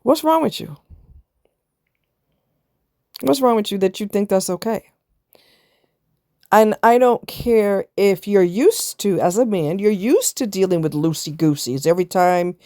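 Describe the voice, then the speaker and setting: A woman's voice: fairly low pitch, a little slow, long pauses, mellow, dry recording, clean studio sound. A woman vlogger giving blunt, preachy casual commentary, firing off rhetorical questions and answering them herself.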